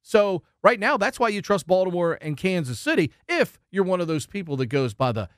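Male co-host, expressive pitch, dry sound, methodical and stat-driven. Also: fairly quick, no room sound. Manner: argues point by point with statistics. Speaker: sports radio co-host. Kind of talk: sports talk show.

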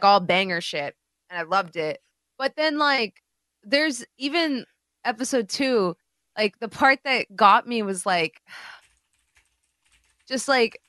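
A woman co-hosts a casual podcast chat with a bright, forceful voice. She talks in a candid, profane and animated way and acts out scenes as she tells them. The sound is close and dry. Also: medium pitch, no echo. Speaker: podcast co-host.

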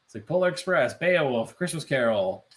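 Animated man chatting with lots of "like". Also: mid-range voice, moderate pace, slight background noise. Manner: animated, swearing, many "like" fillers, mimics voices. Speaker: podcast co-host. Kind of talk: casual chat.

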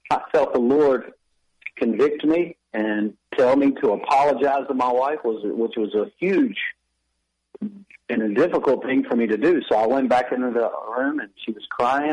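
A man's voice: mid-range voice, a little mellow, rough recording. Candid man telling his own story. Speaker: pastor and author. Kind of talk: personal testimony in a radio interview.

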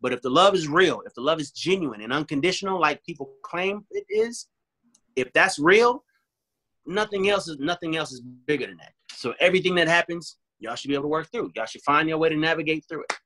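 A man's voice: on the high side, expressive, a little fast, sharp tone. A man guest in a candid interview, talking earnestly and acting out both sides of an argument as he tells it.

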